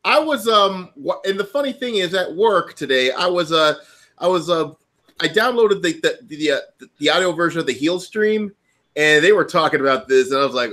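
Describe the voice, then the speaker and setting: A man co-hosting a casual chat show, animated and stumbling over his words as he talks. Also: on the high side, moderate pace. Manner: animated, stumbling and restarting, swearing freely. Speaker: podcast co-host.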